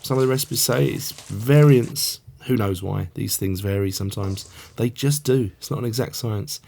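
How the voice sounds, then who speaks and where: Gravelly-voiced guy doing a home cooking lesson, chatty and waffly. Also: on the low side, moderate pace, dark tone. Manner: chatty, rambling asides. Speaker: cookery show host. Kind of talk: casual cooking tutorial.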